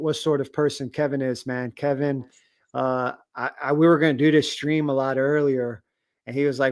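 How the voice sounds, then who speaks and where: A man's voice: fairly high pitch, clear, resonant tone. Easygoing man hosting a stream. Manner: casual and friendly, calls everyone "man". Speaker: host. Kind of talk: live-stream interview.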